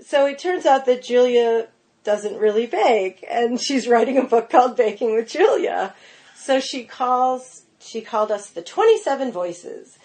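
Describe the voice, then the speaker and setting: A middle-aged woman, a pastry chef guest on a podcast, telling lively anecdotes full of "like" and "you know". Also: a little high, unhurried. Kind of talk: casual interview storytelling.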